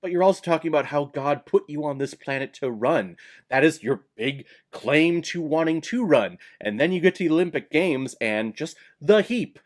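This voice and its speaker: A man's voice: on the high side, animated, moderate pace. Sarcastic blunt man reviewing a film. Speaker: movie reviewer. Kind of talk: casual vlog film review.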